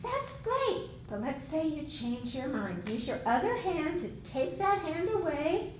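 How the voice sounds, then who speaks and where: A woman's voice: sits high, sing-song, unhurried, a little hiss or hum. A woman teaching a safety workshop in an upbeat, encouraging way, giving directions to a group. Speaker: safety instructor. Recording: echoey room, distant mic.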